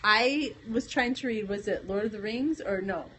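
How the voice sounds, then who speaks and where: A woman's voice: medium pitch, normal speed, bright, forceful tone, slight background noise. A woman co-hosting a late-night livestream, chatting casually and playfully and laughing often. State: pregnant. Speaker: livestream co-host.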